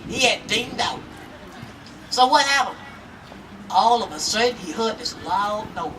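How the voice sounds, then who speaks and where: Lively storyteller woman outdoors. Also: mid-range voice, a little slow, long pauses. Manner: lively, talking straight to listeners. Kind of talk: folk tale told to a live audience. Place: outdoor town square festival. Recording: outdoor, mic far off, faint noise.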